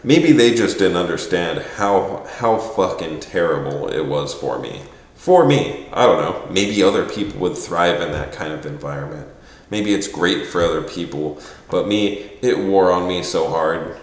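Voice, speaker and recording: Speaking low and expressively at a measured clip, this man vents to camera in a rambling, exasperated, profanity-laced rant. The vlogger keeps mimicking others with mocking voices, recorded in a room with noticeable echo.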